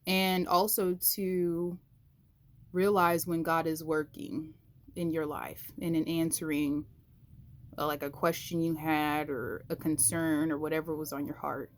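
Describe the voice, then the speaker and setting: A woman telling a personal faith story to her viewers in a casual, animated way, acting out the quoted voices. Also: unhurried, a little hiss or hum. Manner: animated, acts out quoted voices with big pitch jumps; talks to viewers directly, uses "y'all". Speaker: vlogger sharing a faith story.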